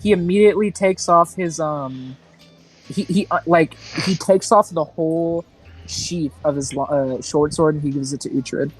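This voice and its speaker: A woman's voice: low-pitched, normal speed, breathy edge, soft background music. A woman playing in an online tabletop game, hesitant and stumbling over her words. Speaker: player. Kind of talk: in-character tabletop play.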